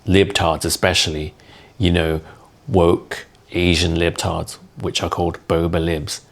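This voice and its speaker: Low, flat-voiced man. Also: measured pace, creaky. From England. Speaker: content creator. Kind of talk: casual monologue to camera.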